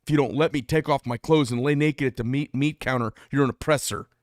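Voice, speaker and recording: A man mid-rant on his own channel, blunt and heated, swearing freely as he drives his points home. His voice sits at an ordinary middle pitch and sounds close and dry, with no room ring around it. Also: steady tone, fairly quick, no echo. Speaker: channel host. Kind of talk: political rant to camera.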